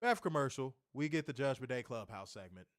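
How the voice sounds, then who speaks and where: A man's voice: mid-range voice, lively intonation, a little fast, no room sound, studio quality. A man co-hosting a wrestling review show, ranting in an exasperated, profane, mocking way. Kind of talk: ranting casual review chat.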